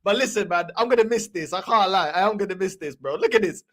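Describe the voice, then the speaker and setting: A man hosting a football fan channel, reacting to clips with excitable, laughing, slang-heavy banter. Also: high-pitched, fast talker. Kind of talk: casual reaction commentary.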